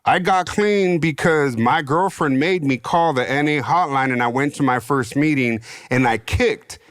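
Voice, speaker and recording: A man from San Diego, a podcast guest, telling his own story in an animated, slangy way with free swearing. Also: fairly high pitch, measured pace, no echo, studio quality. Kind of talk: casual storytelling.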